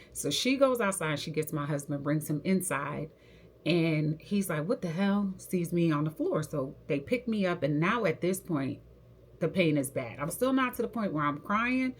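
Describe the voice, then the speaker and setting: A young woman tells her story straight to camera in a low voice. She talks in slang and keeps acting out what each person said, in an animated, lively way. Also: moderate pace, husky. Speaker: hair stylist telling her story.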